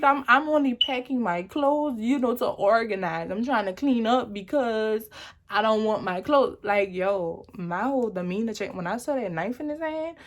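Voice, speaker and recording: A woman's voice: fairly high pitch, animated, moderate pace. A young adult woman telling a personal story on her vlog in a chatty, rambling, dramatic way. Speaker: vlogger.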